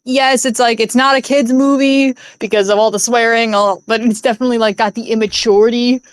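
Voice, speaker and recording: Woman streamer, higher voice, rambling casual movie chat, dry close mic. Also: steady tone, brisk, dry recording. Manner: rambling, laughing, lots of fillers and swearing.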